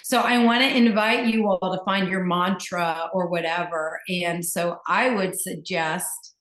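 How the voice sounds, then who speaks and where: A woman's voice: fairly low pitch, fairly even intonation, measured pace, fairly bright tone, echoey room. A woman breathwork teacher talking casually and enthusiastically, often gushing and restarting her sentences. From Virginia, US. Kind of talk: casual conversation.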